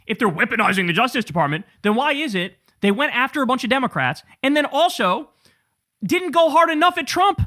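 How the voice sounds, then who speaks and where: A man's voice: extremely high pitch, pushed and bright, no echo, studio quality. A man hosting an angry political commentary show, ranting with profanity and sarcasm at clips he plays.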